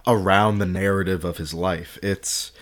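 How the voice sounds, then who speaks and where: Earnest, emphatic low-voiced man. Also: steady tone, a little slow, fairly bright tone. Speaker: podcast co-host. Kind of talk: casual chat.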